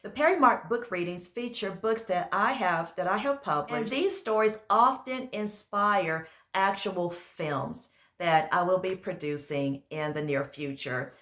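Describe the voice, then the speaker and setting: A woman narrating her own adventure novel in an earnest, measured way. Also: on the low side, fairly bright tone. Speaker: author and narrator. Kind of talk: book reading narration.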